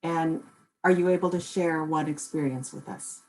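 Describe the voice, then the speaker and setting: Low-voiced woman moderating a panel. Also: fairly even intonation, moderate pace, a little mellow, rough recording. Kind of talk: reading panel questions.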